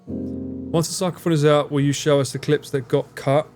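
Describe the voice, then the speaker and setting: A man's voice: on the high side, level tone, normal speed, darkish tone, soft background music. A young man with an Essex accent, chatting casually and jokingly with his live stream viewers. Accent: Essex English. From Essex, England. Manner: joking, teasing, answers chat messages.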